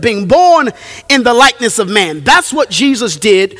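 A male pastor preaching a sermon, with animated delivery and drawn-out emphatic phrases. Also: extremely high pitch, big-room sound.

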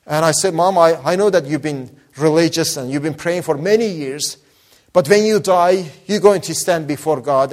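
Man, pastor, testimony sermon, fervent, earnest, slightly high voice. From Iran. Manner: earnest, fervent, repeats words when stressing.

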